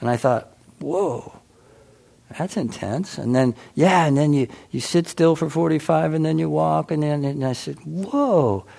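Middle-aged guy rambling about meditation, gravelly voice, lots of you-knows and restarts. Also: a little high, steady tone, mellow. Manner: rambling, halting, full of "you know" and restarts. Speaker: meditation practitioner giving a talk. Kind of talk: casual personal talk. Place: meditation center hall.

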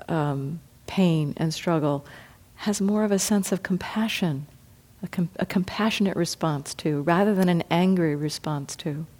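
Low-voiced woman giving a gentle dharma talk. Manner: reflective, gentle, acts out her own inner thoughts. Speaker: meditation teacher.

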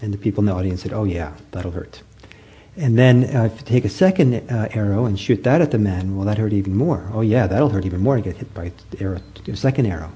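Male meditation teacher, gentle and halting, slightly husky voice. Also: fairly low pitch. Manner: gentle, halting storytelling with many fillers and restarts. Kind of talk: dharma talk.

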